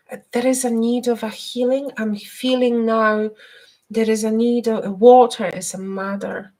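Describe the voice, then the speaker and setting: A woman hosting a live stream and giving spiritual readings, talking gently with many hesitations and repeated words. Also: on the high side, fairly even intonation, a little slow. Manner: soft and gentle, guiding breathing.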